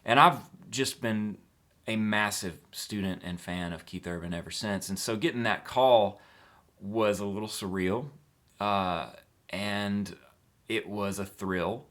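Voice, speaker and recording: A man with a deep, low-pitched voice talks through fan questions in a relaxed, easygoing way. He rambles a little and drops in plenty of filler sounds between thoughts. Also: slow. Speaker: singer-songwriter answering fan questions. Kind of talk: casual fan Q&A chat.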